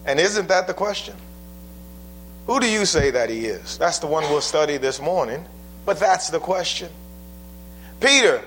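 Male preacher, high voice, sermon delivery with strong emphasis swings. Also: a bit bright. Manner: preaching with quoted scripture, rising and falling emphasis.

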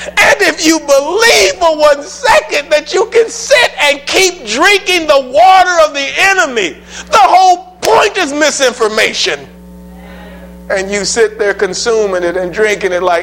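A man preaching a sermon, stressing key phrases and drawing them out slowly. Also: very high voice, animated, sharp tone, a little hiss or hum, poor audio. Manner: emphatic, drawn-out stressed phrases.

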